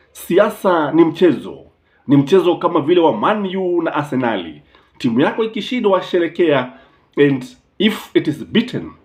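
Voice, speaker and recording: A man's voice: on the high side, darkish tone. A man with a Kenyan accent delivering opinionated political commentary as a channel host, mixing English and Swahili with emphatic phrasing and frequent hesitant fillers.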